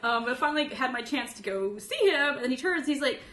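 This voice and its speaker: A young woman telling an excited story in a casual chat, rambling and laughing often. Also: high voice, fast talker, reverberant, heavy background noise. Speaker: guest telling a convention story.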